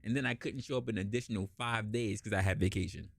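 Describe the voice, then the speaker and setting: A man hosting a podcast, telling a casual story and acting out the people in it with big jumps in pitch, swearing freely. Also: fast, no echo, studio quality. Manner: animated, acts out quoted voices with big pitch jumps, swears. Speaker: podcast host.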